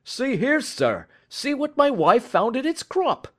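An excitable male doorman from a storybook, gasping and blurting out his lines, as a male reader puts him on. His voice climbs high and jumps about with amazement. It sounds like a working man who can hardly believe what he has found. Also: slow pace, full character voice. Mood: astonished. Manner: gasping, exclaiming. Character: excited, breathless working-class male commissionaire.

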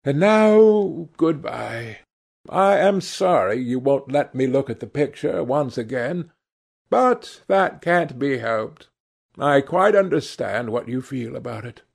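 A man's voice: medium pitch, expressive, slow, gravelly, husky, full character voice. A man reading aloud and voicing an earnest, devoted male painter who pleads with his friend. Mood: earnest, pleading.

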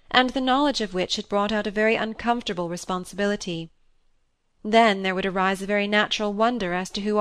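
A woman narrates a classic novel in a measured, even voice at a middle pitch. The recording is dry and close, with no room sound behind her. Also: clean tone, dry recording. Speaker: audiobook narrator. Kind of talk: audiobook reading of a classic novel.

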